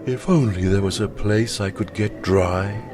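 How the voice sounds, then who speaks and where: A man voicing a sad, lonely young duckling boy in a storybook reading, close to his own low voice. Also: measured pace, noisy background, lightly acted. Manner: downcast, quiet.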